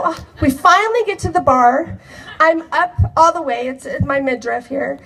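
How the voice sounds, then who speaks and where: A woman telling a personal story to an audience in an animated, expressive way. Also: sits high, moderate pace, vocal fry, distant mic, rough recording. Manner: animated, expressive, acts out quoted dialogue with laughs. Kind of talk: personal anecdote told to a live audience.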